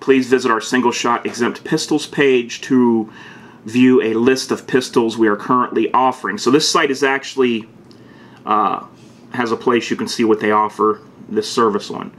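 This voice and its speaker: A man vlogging, reading a text aloud in a stiff, emphatic voice and breaking off to comment in quick, casual asides. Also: mid-range voice, fairly even intonation, a bit bright. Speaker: gun video host.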